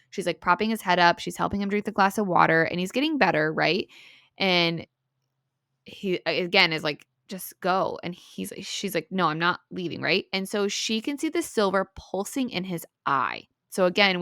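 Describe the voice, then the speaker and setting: Female podcast co-host, casual animated recapper, gravelly voice, dry close mic. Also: lowish voice, dry recording. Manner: animated retelling, lots of "like" and "right?". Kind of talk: casual book-review chat.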